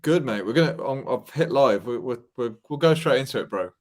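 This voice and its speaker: A man's voice: mid-range voice, animated, brisk. A man with an English accent hosting a podcast, bantering loosely with his guest, swearing freely and saying "mate" and "dude". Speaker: podcast host. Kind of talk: casual chat.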